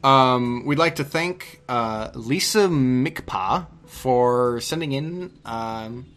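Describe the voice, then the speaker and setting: A man's voice: mid-range voice, slow pace, a bit bright. Easygoing laughing male podcast co-host. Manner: easygoing, laughs often, loose filler-heavy talk. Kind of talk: casual comedic chat. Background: faint music bed.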